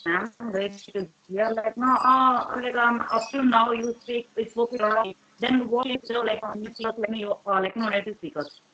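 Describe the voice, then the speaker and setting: A woman's voice: on the high side, fairly even intonation, normal speed, pushed and bright, highs cut off, slight background noise. A woman hosting a chat, talking hesitantly with many fillers and restarts. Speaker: host. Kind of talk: casual interview chat.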